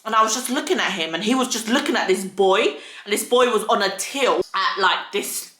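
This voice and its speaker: A woman's voice: medium pitch, a little fast, a bit bright, echoey room. A young woman from the UK, telling a personal story in an earnest, candid, slangy way. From United Kingdom. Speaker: vlogger. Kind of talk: casual storytelling. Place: home filming set.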